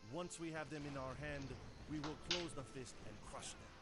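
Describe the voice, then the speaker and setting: A stern Soviet tank commander, played by a man delivers a rousing, formal briefing to his troops. His speech sits over loud music in a game cutscene. The tone stays commanding and steady. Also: on the high side, moderate pace, natural voice.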